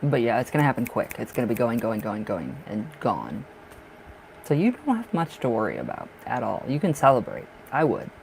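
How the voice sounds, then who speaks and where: A man's voice: medium pitch, wildly swooping pitch, a little fast, gravelly, a little hiss or hum, low-quality recording. Man tarot reader on a live stream, from the northern US, chatty and giggly, mid-range voice. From northern United States. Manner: chatty, laughs often, repeats himself.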